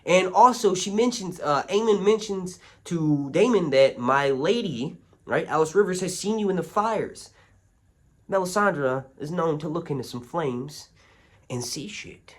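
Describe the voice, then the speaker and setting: A man talking casually to camera as a video reviewer, rambling through restarts and tangents in an animated way. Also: medium pitch.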